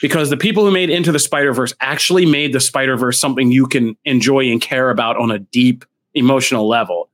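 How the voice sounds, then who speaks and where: A man's voice: mid-range voice, fast talker, hardly any pauses. A man co-hosting a podcast, giving blunt, opinionated takes in casual comics chat. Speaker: podcast co-host.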